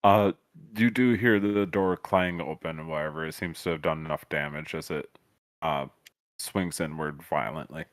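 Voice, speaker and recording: A man's voice: very deep voice, moderate pace, dry recording. A man running a tabletop game as game master, narrating casually and swearing freely.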